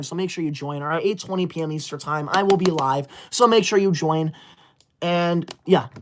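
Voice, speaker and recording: A woman's voice: fairly low pitch, a bit bright, a little hiss or hum. A woman, livestreaming from home on a laptop and reading viewer comments aloud in an indignant, scolding way. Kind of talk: casual live stream chat. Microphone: laptop setup.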